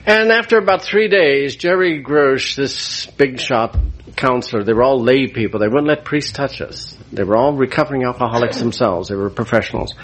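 A man's voice: medium pitch, moderate pace. A man, a priest, giving an emotional personal testimony about his recovery. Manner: emotional, animated storyteller.

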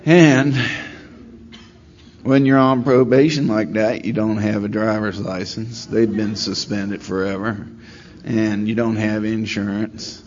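A middle-aged man at a recovery meeting telling his story in a wry, self-deprecating way, rambling with many pauses. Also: on the low side, steady tone, darkish tone. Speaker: speaker sharing at a recovery meeting. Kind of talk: storytelling share. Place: meeting room. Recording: slightly dull recording with faint room noise.

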